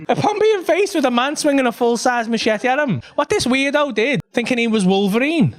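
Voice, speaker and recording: Animated stand-up comic. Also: male voice, extremely high pitch, brisk. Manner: animated, acts out characters with shouted voices. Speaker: stand-up comedian. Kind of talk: stand-up storytelling. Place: comedy club stage. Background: audience laughter.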